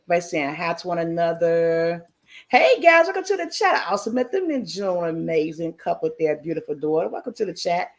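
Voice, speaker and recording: A frank, chatty woman from the United States runs a live-stream chat about cruising. Her voice sits low for a woman. She greets viewers by name as they come in and laughs often between blunt opinions. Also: a little mellow.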